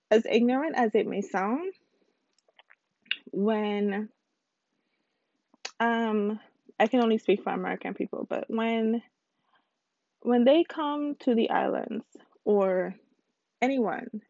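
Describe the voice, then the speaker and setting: Creaky-voiced young woman chatting casually. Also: medium pitch, mellow, no echo, lo-fi sound. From Caribbean background, lives in Houston. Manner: chatty, candid, rambling with fillers. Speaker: podcast host. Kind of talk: casual solo podcast chat.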